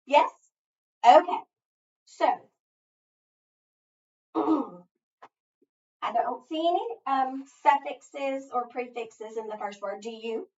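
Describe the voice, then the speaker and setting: A woman's voice: high voice, a little mellow. A woman teaching a phonics lesson, patiently asking questions and answering them herself. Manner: slow, patient, asks and answers her own questions. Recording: distant, echoey, dull room sound.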